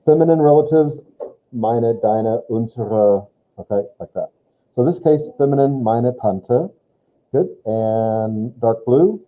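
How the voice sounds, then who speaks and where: A man's voice: mid-range voice, slow. A man teaching a German lesson, patiently explaining grammar step by step and prompting a student. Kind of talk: online language lesson. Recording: tinny phone-like line.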